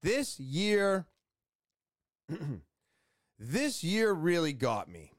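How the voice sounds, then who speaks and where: A man's voice: a little high, big pitch swings, extremely slow, no room sound, studio quality. A man hosting a podcast, talking in a rambling, blunt way with swearing and lots of fillers. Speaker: podcast host. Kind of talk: casual podcast rant.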